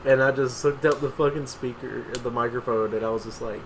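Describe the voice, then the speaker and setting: A man's voice: mid-range voice, steady tone, a little fast, few pauses, background noise. A young man co-hosting a podcast, telling loose, profane stories full of slang in a casual chat. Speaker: podcast co-host.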